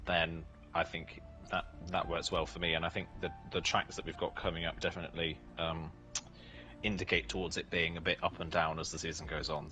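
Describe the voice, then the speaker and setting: A man's voice: sits low, pushed and bright, low-quality recording. A man in a post-race interview as the championship leader, talking casually and laughing between answers. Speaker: racing driver, championship leader.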